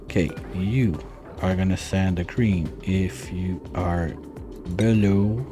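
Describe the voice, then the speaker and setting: A man's voice: deep voice, takes it slowly, over music. A man giving casual let's-play commentary, thinking aloud and muttering his calculations as he plans. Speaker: gameplay streamer.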